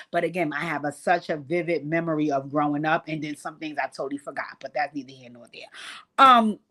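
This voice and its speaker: A woman hosting a live stream, telling profane stories and talking to viewers in a casual, animated way. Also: deep voice. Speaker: host.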